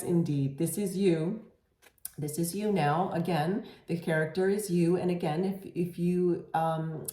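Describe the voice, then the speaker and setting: A tarot reader with a low, mellow voice offers a gentle reading directly to camera. Her delivery is reassuring and unhurried, full of ums and restarts, and the room sounds echoey.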